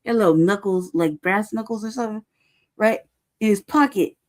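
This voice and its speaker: A woman's voice: mid-range voice, brisk. A woman angrily recounting events in casual, profane chat, stressing each point and often tagging "right?". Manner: heated, profane, emphatic; peppers talk with "right?" and "cuz". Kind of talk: casual storytelling.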